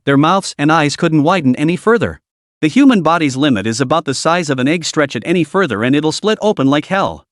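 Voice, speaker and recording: Male narrator for a story recap, lively delivery with a wide pitch range and dry close sound. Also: dry recording. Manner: animated storytelling, voicing all the characters' lines.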